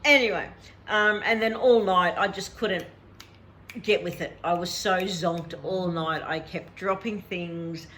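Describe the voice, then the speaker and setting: A woman's voice: fairly low pitch, a little slow, pushed and bright, slight background noise. A middle-aged woman, chatting casually as a vlog host and laughing often as she tells a story. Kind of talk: casual chat.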